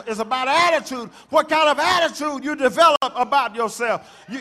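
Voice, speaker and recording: A man preaches a church sermon. His voice sits very high and rings bright and forceful. He builds on repeated phrases and lets them swell into shouts. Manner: rhythmic preaching with repetitions and shouted climaxes. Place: church sanctuary.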